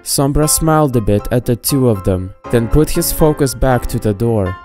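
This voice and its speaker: A woman reads a storybook aloud at a steady, even pace. Her voice is very deep and dark, with a mellow tone. Faint music plays behind her. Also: moderate pace. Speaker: narrator. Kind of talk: storybook narration of fan fiction. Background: faint background music.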